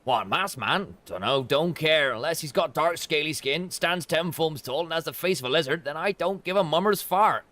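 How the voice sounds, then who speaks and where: A man voicing a grumpy, weary male refugee who talks in a rough, colloquial, irritable way while reading game dialogue aloud. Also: on the high side, animated, normal speed, hardly any pauses, bright, forceful tone, voice pushed up. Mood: dismissive.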